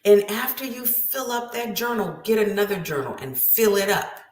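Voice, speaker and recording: A woman's voice: mid-range voice, moderate pace, echoey room. A woman writing coach giving an emphatic, preachy motivational talk with lots of repetition.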